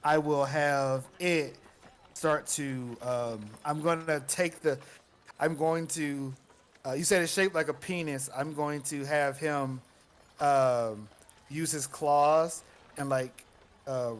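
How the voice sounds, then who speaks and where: A man's voice: on the high side, fairly even intonation, slow pace, clean tone. A man playing a tabletop role-playing game who talks in a hesitant way, with many fillers and restarts. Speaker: player.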